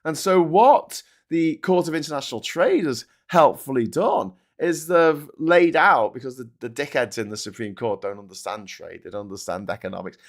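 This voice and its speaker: A British man talks through the news in a loose, sarcastic rant, swearing as he goes. His voice sits at a middling pitch and leaps upward when he gets fired up. He trips over words and repeats himself often. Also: normal speed, hardly any pauses. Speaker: host of a political commentary show. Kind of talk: casual ranting commentary.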